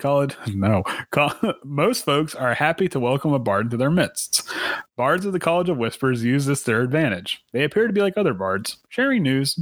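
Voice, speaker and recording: Lively, laughing man co-hosting a podcast. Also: medium pitch, dry recording. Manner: laughs often, swears freely, reads rules aloud. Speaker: podcast co-host. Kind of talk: casual chat.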